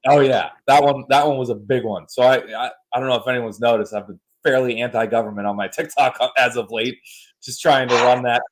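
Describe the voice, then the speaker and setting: A man hosting a podcast in casual chat, joking and animated as he tells stories. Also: mid-range voice, brisk. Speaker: podcast host.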